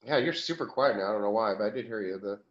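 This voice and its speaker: A man speaking as a channeled higher self in a question-and-answer session, rambling with restarts and chuckles. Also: racing, dull audio.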